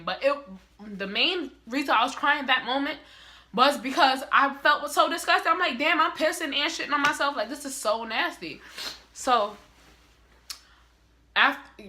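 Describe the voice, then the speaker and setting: Bright, animated young woman storyteller. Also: mid-range voice. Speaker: vlogger. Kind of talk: storytime vlog.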